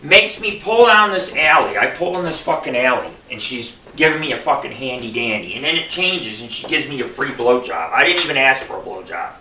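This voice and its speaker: A man's voice: medium pitch, lively intonation, fairly quick, hardly any pauses, pushed and bright, a little hiss or hum. A man from Buffalo hosting a radio show, telling rambling, profane stand-up style stories. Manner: profane, rambling and digressive storytelling. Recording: echoey room, far from the mic.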